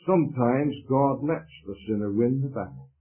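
A man preaching an evangelistic sermon, swinging between loud urging and hushed warnings. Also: medium pitch, normal speed. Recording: tinny lo-fi tape.

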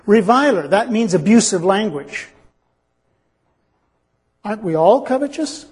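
A man's voice: high voice, animated, measured pace, darkish tone, slightly rough, big-room sound. A man preaching a sermon in an earnest, reasoning way, acting out little dialogues to make his point.

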